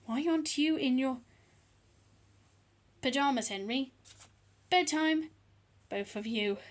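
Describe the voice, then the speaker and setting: A woman voicing a stern mother who shouts at her sons. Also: sits high, takes it slowly. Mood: scolding. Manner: scolding, shouting.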